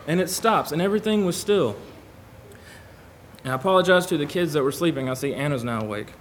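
A man delivers a relaxed, conversational sermon to a church congregation. He reads scripture aloud between his own remarks, in a voice that sits a little high. A faint hum runs beneath him. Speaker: preacher.

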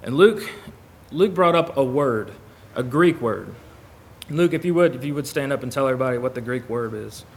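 A man's voice: medium pitch, animated, moderate pace, creaky. A man preaching a sermon in church, talking casually with the congregation and reading scripture aloud. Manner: conversational, reads scripture aloud.

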